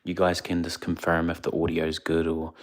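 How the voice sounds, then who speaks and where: Hushed, deep, gravelly man. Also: completely flat delivery, brisk. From India. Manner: speaking quietly, hushed. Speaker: streamer. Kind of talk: casual livestream chat. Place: indoors away from home, others asleep. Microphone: phone.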